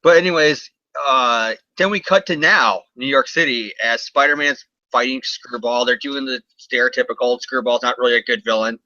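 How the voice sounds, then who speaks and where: A man's voice: mid-range voice, pushed and bright, no room sound. A man co-hosting a comic book podcast, rambling casually and joking as he recaps an issue. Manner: rambling, jokey, does quick character voices. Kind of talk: casual comic review chat. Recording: dull, dry lo-fi audio.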